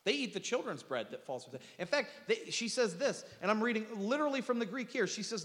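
A male preacher with a high, lively voice that swoops up and down as he explains scripture. He often repeats words as he restarts and drops in joking asides. His voice rings out with a long reverb in a large hall. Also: fast talker, hardly any pauses. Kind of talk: sermon, reading and explaining scripture.

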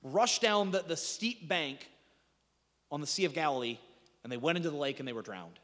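Male pastor, high-pitched and animated, preaching in a reverberant church hall. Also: normal speed. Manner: conversational preaching with frequent restarts and rhetorical questions. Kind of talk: sermon.

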